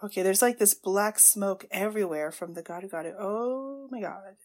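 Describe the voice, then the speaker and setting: A woman podcast host gushing through a casual watchalong, with excitable reactions, gasps and exclamations, and tearful at times. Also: medium pitch, moderate pace.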